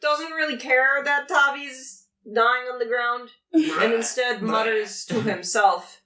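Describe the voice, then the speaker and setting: A woman playing a tabletop game, narrating her character's actions in quick bursts. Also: fairly high pitch, pushed and bright, far from the mic. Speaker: player. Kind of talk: casual tabletop game chat.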